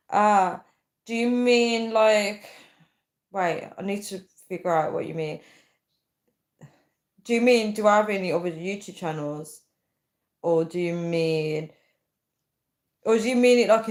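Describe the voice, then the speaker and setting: A young woman chats casually on a live stream, reading out comments and puzzling over them aloud. She rambles, full of "um" and "like", in a fairly low voice. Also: unhurried, long pauses, a little mellow. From United Kingdom. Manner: chatty, thinks aloud with many fillers. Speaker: livestream host.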